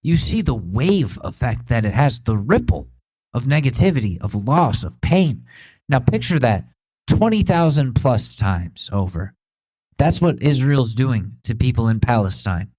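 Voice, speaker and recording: A man's voice: mid-range voice, very animated, unhurried, a little mellow, breathy edge, no room sound, low-quality recording. An American man in his thirties hosting a podcast, ranting with heated, profane indignation. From United States. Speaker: podcast host. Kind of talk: opinion rant.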